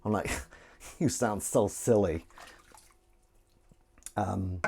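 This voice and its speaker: Lively-voiced Southern English man chatting. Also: deep voice, normal speed, gravelly, long pauses, a little hiss or hum. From England. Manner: rambling, jokey, reads chat aloud. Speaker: livestream host. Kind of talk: casual chat while washing dishes. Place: kitchen at a sink. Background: running water and clinking dishes.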